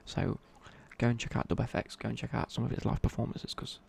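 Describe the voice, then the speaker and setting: Young guy, whispered ASMR chat, raspy breathy whisper, loose and chatty. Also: medium pitch, steady tone, a little fast. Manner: rambling, casual, many fillers and restarts. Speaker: ASMR creator.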